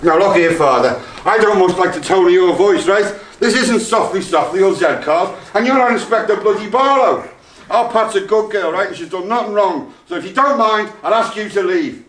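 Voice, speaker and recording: Actor playing a blunt Liverpool dad. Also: male voice, sits high, expressive, moderate pace, fairly bright tone. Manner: blunt, jokey, bristling. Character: blunt protective Liverpool father. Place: theatre stage. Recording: roomy stage sound from far off, faint ambience.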